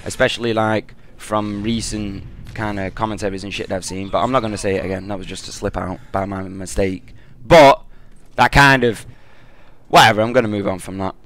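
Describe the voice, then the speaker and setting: A man's voice: lowish voice, steady tone, brisk, a bit bright, a little hiss or hum. A young British man in a gaming commentary rant, telling an angry, profane story.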